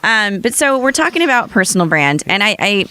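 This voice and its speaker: A woman's voice: medium pitch, big pitch swings, fairly quick, sharp tone, no echo. A woman hosting a podcast, chatting casually and quoting others in a playful voice. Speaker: podcast host.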